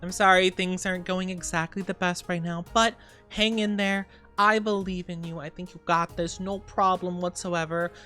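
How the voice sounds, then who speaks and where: A woman's voice: fairly low pitch, fairly even intonation, normal speed, pushed and bright, faint music behind. A woman streamer chatting casually with her viewers in a gushing, bubbly way, full of cute slang and repeated well-wishes. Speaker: streamer reading chat. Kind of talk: casual livestream chat.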